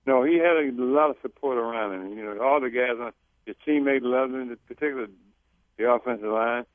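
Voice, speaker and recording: Over a tinny phone line, a man who is a former teammate speaks as a guest on a phone-in radio interview. His medium-pitched voice has no room sound, and he talks in a halting, reflective way, repeating words.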